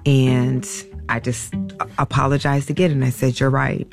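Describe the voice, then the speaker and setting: A middle-aged woman telling a personal story in a halting, emotional way, with many restarts and fillers. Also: a bass voice, little pitch movement, vocal fry, over music. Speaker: interview guest.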